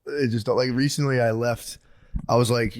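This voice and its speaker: A man's voice: medium pitch, normal speed. A man co-hosting a podcast in casual comedic chat, acting out his own lines, swearing freely and laughing often. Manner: animated storyteller, acts out his own lines. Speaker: podcast co-host.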